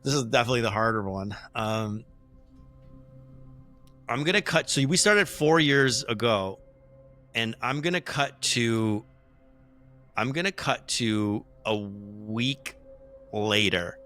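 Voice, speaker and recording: A man explaining rules and narrating as game master, relaxed and hesitant with many fillers. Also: medium pitch, takes it slowly, long pauses, soft background music.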